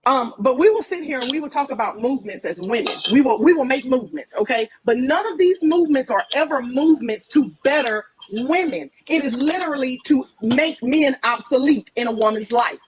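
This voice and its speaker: A woman's voice: sits high, lively intonation, brisk, few pauses, poor audio. A woman making her points in an online debate, emphatic and lecturing, with a lot of repetition. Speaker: TikTok debater. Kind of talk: live social media debate.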